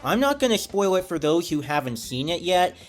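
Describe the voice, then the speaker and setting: A man giving a scripted film review in an enthusiastic, animated way. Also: on the high side, a little fast, soft background music.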